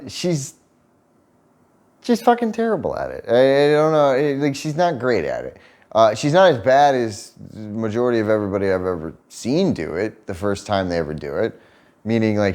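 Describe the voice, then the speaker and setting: A young man casually telling a story to camera, laughing often, swearing freely and acting out what people said. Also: fairly low pitch. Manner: swears freely, laughs often, animated retelling with quoted voices. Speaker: vlogger telling a story about his partner.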